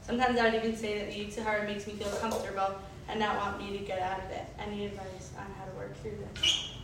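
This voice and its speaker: Young woman reading a question, flat and distant. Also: medium pitch, quick pace. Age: young adult. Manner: reading a written question aloud. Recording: distant, very echoey, noisy.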